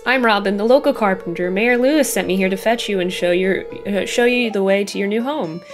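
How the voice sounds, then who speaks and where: A woman's voice: medium pitch, fairly quick, music in the background, close to an everyday voice. A woman reading the lines of a friendly female village carpenter in a video game, cheerful and welcoming.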